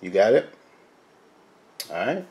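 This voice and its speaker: A man hosting a casual cooking video, chatting to his viewers as "guys", quiet and mumbling while he cooks and louder when he turns to the camera. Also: on the low side, big pitch swings, slow pace. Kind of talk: casual cooking vlog chat.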